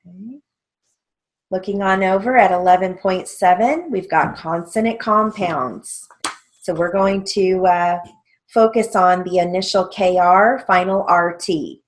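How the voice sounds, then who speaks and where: A woman's voice: on the low side, a little slow. A woman teaching court reporting steno theory, going through drills methodically and spelling out letters and keys. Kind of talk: instructional lesson walkthrough.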